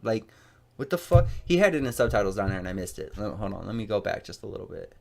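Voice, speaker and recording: A man's voice: fairly low pitch, sing-song, fast talker, creaky, darkish tone. A man giving profane, angry reaction commentary on a video, mocking and swearing constantly.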